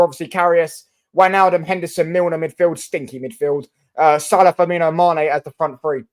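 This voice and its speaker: Young man, Mancunian accent, slightly high pitch, casual football reaction, rambling, swears. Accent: Mancunian English. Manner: rambling, swears, restarts often. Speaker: football channel host. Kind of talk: casual solo reaction commentary.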